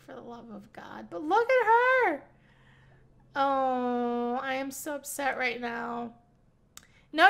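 A young woman hosting a life-sim game channel, giving excitable casual commentary with frequent squeals and laughter. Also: a little high. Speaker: gaming channel host. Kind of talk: casual let's-play commentary.

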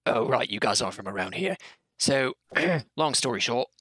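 A man's voice: medium pitch, expressive, moderate pace, pushed and bright, no room sound. A man voicing a foul-mouthed goblin guide at a fort, blunt and offhand. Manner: blunt, casual, dismissive.

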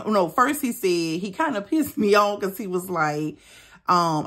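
A woman recounts a personal story to her vlog audience in loose, casual chat. She is emphatic and animated, leaning hard on key words and dropping mild swears as she goes. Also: mid-range voice, moderate pace. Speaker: budgeting channel host.

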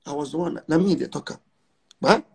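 Nigerian man in his 40s with a Pidgin-laced accent, boastful interview guest, high husky voice with lively swings. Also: brisk. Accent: Nigerian English with Pidgin. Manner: emphatic, repeats himself, mixes in Pidgin.

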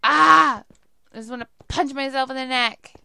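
A woman's voice: sits high, level tone, quick pace, pushed and bright, clear, resonant tone, no room sound, faint music behind. A young woman giving casual let's play commentary, chatty and laughing often as she talks to herself while playing.

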